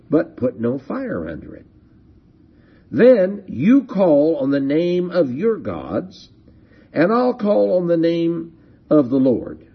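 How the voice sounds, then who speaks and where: A bold, fiery prophet declaiming his words, as a preacher reads his lines. The voice leaps between low and high, slightly husky, on a dull lo-fi recording. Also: heavily acted. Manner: declaiming, forceful. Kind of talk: dramatic scripture reading in a sermon.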